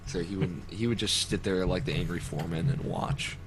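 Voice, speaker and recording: A man's voice: sits low, fairly quick. Chatty podcast host man, noisy call audio. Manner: animated storyteller, laughs often. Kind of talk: casual chat. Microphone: video call.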